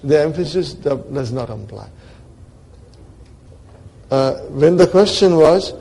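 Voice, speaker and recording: A man teaching a grammar lesson in a somewhat high, mellow voice. He walks his students through each point with rhetorical questions and keeps checking that they are following him. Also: measured pace, creaky, long pauses. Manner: checks in often with "are you with me" and "brother"; explains step by step with rhetorical questions. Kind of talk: classroom lecture.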